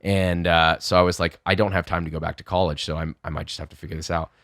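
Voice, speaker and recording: A young man telling a lively story in casual chat, swearing freely and acting out the people he quotes. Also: low voice, quick pace, no echo, clean studio sound. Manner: animated, swearing, acts out quotes. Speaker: podcast guest.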